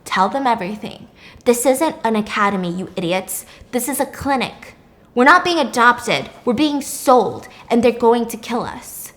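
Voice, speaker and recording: A woman's voice: on the high side, expressive, moderate pace, fairly bright tone. A woman voicing a defiant teenage girl who confronts her captors indignantly. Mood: angry.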